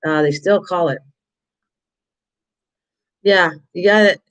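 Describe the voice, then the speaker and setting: A woman's voice: fairly low pitch, slow pace, clear, resonant tone, rough recording. A chatty woman talking casually to her viewers while she works on a craft project, laughing at herself. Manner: chatty, self-deprecating, talks to viewers in chat. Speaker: craft vlogger.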